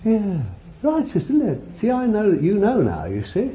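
Male preacher with a folksy, conversational sermon delivery and an animated pitch, on a muffled lo-fi recording. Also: moderate pace. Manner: folksy, conversational preaching with many "you see" asides. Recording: muffled lo-fi recording with faint hiss.

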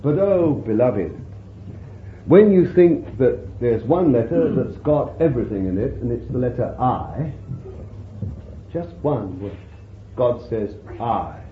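This male preacher takes his time, speaking with lively pitch and breaking into warm chuckles during his sermon. His voice comes through a tinny, phone-like recording that has a roomy feel and a faint hiss.

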